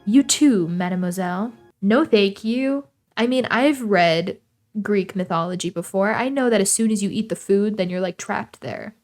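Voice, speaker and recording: A woman's voice: medium pitch, faint music behind. A young woman reading a visual novel aloud and adding sarcastic, chatty jokes between lines. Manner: sarcastic, chatty, quick asides. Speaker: gaming channel host.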